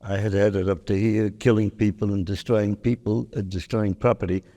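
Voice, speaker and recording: Veteran man in his nineties, gravelly and warm, halting on-stage storyteller. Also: on the low side, little pitch movement. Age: 90s. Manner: halting, with frequent restarts. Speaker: veteran guest.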